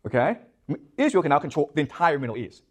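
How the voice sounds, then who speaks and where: Fast and with big pitch swings, a man's fairly high voice carries a classroom lecture. He poses questions and repeatedly makes sure the students are with him: "okay? you understand?"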